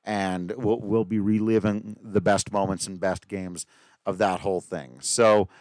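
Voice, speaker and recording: A man's voice: fairly low pitch, flat delivery, unhurried, darkish tone, no room sound. A man hosting a podcast in a casual, joking, self-deprecating way, reading listener emails and an ad. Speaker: podcast host. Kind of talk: casual podcast chat with ad read.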